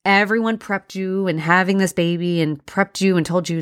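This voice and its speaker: Woman, low voice, candid storytelling, casual fillers, podcast host. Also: steady tone, normal speed. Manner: candid, conversational, many fillers. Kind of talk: personal storytelling.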